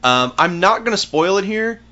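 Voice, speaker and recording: A man's voice: sits high, animated, moderate pace, pushed and bright. A man co-hosting a casual movie review podcast, ranting bluntly and swearing. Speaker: podcast co-host. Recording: dull lo-fi recording.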